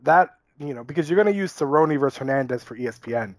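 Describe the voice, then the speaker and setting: A man's voice: mid-range voice, animated, fast, no room sound. A man co-hosting a podcast, breaking down a fight in a casual, opinionated and wry way. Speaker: podcast co-host. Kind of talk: casual sports chat.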